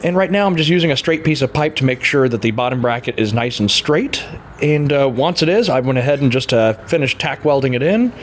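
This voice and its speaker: A man's voice: medium pitch, animated, a little fast, slight background noise. A man casually narrating a bicycle frame build in his workshop, laid-back and chuckling often, with plenty of "uh" fillers. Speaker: hobby frame builder and vlogger.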